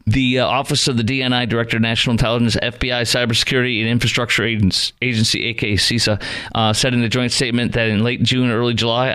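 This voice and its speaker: A man's voice: mid-range voice, a bit bright, clear, resonant tone. A man hosting a talk radio show, delivering a sarcastic, rambling monologue full of restarts.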